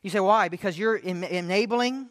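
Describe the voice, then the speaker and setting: A man's voice: high-pitched, fairly quick, fairly bright tone, dry recording, clean studio sound. A man preaching a sermon in an earnest way, asking many rhetorical questions.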